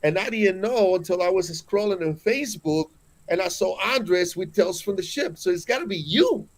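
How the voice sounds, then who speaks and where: A man's voice: high voice, normal speed. A man in his forties from Mexico with a Mexican accent, telling spiritual stories as a guest in an earnest, emphatic way, often restarting his phrases. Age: 40s.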